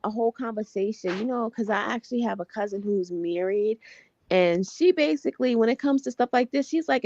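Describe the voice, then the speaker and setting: A woman co-hosting a podcast, chatting casually about celebrity gossip, animated and exclaiming, swearing freely. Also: on the high side, no echo, muffled recording. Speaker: podcast co-host.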